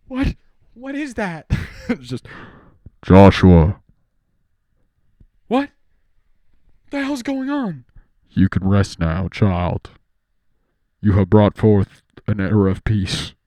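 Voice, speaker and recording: A man's voice: lowish voice, a little mellow, no echo, clean studio sound. A young man hosting a live stream, chatting casually in a rambling, joking way and often laughing. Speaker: streamer host.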